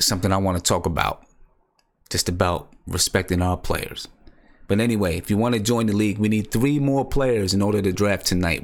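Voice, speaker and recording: A young man with a somewhat low voice hosts a live stream. He talks in a loose, excited way, circling back to the same points and reading out viewer comments as he goes. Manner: excitable, repeats himself, reads chat aloud. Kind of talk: casual live stream chat.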